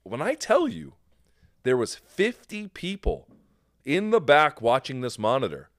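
His voice sits a little high and his delivery runs a little slow as he hosts a podcast, recounting a story in casual talk. Animated throughout, he swears freely and dramatizes what people said. The sound is clean studio audio with no room sound.

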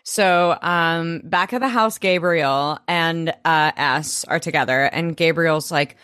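A woman co-hosting a podcast, recapping a TV episode in casual chat, animated and swearing freely as she acts out lines. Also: sits low, takes it slowly, clear, resonant tone, dry recording, studio quality. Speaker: podcast co-host.

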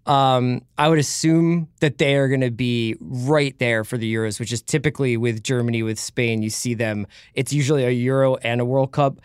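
A man in a casual sports podcast chat, talking in animated, rambling runs with jokes and restarts. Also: mid-range voice, moderate pace, few pauses, clear, resonant tone, no room sound, clean studio sound.

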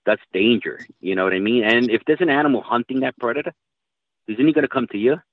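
A man's voice: medium pitch, animated, quick pace, no room sound. A man telling hunting stories in casual chat, rambling and swearing freely. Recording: dry tinny phone-like line.

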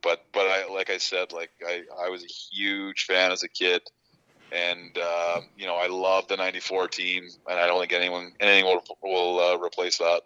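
A man, a former pro hockey player, chatting as an interview guest in a halting way, with many restarts. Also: deep voice, monotone, sharp tone, clear, resonant tone, lo-fi sound. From Canada. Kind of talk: casual interview chat.

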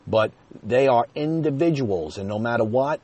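A man's voice: mid-range voice, lively intonation, moderate pace, a little mellow, slightly rough, muffled recording. A man telling a personal story in a chatty way, talking straight to his viewers and chuckling now and then.

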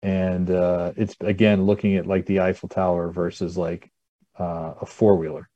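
A man with a mellow, dark voice talks as a podcast guest, blunt and quick to chuckle. He goes through figures in a casual, offhand way. The recording is dry and close. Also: low voice, flat delivery, no echo, dull audio. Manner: chuckles often, blunt, walks through charts. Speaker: guest financial expert.

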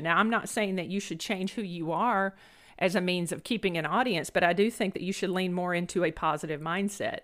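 A woman's voice: fairly low pitch, moderate pace, fairly bright tone. Earnest woman hosting a motivational podcast. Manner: earnest, repeats phrases for emphasis. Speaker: podcast host. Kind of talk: motivational monologue.

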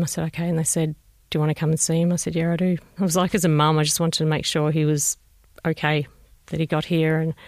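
A woman with an Australian accent, a mother gently recalling a painful family story in an interview and re-enacting what people said. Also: sits low, no echo, clean studio sound. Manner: reflective, gentle, re-enacts conversations. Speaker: bereaved mother telling her story. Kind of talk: personal recollection, interview.

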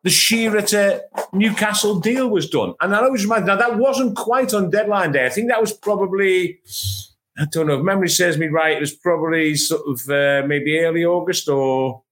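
A middle-aged man from England, a podcast co-host telling football anecdotes in a lively, stumbling chat. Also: sits high, moderate pace. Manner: anecdotal, animated, lots of restarts. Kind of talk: casual chat, storytelling.

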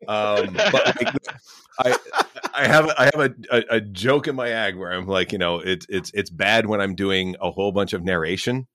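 A man, a comedian, chatting casually on a podcast, expressive and playful, slipping into bits. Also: lowish voice, moderate pace, no room sound, studio quality. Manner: expressive, lively, playful impressions. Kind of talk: casual chat.

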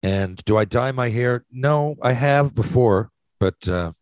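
A man's voice: medium pitch, a little slow, a little mellow, no room sound. A man, chatting casually and answering listener questions, rambling with lots of restarts and blunt swearing. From Newfoundland, Canada. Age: 40s. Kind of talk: casual chat.

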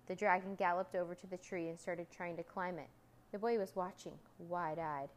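A woman reading a children's storybook aloud in a calm, steady way. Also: fairly low pitch, normal speed, slight background noise.

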